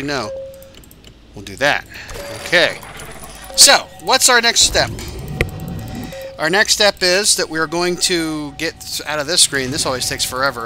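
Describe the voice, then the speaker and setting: A man hosting a let's-play, chatting casually as he plays, rambling and swearing now and then, a little tired. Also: mid-range voice. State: tired, yawning. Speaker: game channel host.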